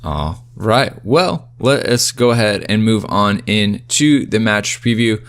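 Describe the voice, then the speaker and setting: A man's voice: fairly low pitch, animated, slow pace, fairly bright tone. A man hosting a football podcast, easygoing and moving the show along between segments. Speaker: podcast host.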